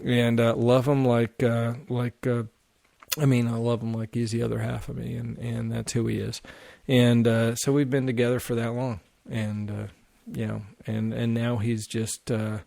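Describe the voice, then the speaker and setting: A man guesting on a podcast, telling a long casual story in a rambling, animated way full of fillers and swearing. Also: mid-range voice, moderate pace, gravelly, no room sound.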